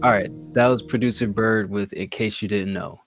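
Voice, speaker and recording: A man's voice: on the low side, steady tone, normal speed, over music. A man giving casual, blunt spoken feedback on a song, rambling and repeating himself. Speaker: music reviewer. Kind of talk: casual review chat.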